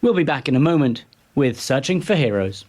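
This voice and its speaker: A man's voice: mid-range voice, expressive, fairly quick, a little mellow. Supportive male podcast host. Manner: thoughtful, supportive questioning. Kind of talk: podcast interview.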